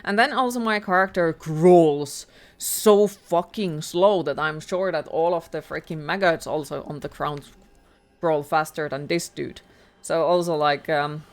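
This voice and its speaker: A woman's voice: deep voice, unhurried. Profane ranting woman streamer. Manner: ranting, heavily profane, exasperated. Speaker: livestreamer playing a horror game. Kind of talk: live gameplay commentary.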